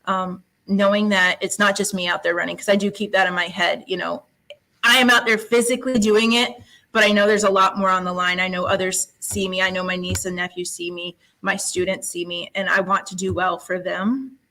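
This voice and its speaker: A woman's voice: fairly low pitch, flat delivery, brisk, bright, forceful tone, rough recording. A woman guest who teaches science, chatting in an interview with an upbeat, storytelling manner and frequent laughs. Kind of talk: casual interview chat.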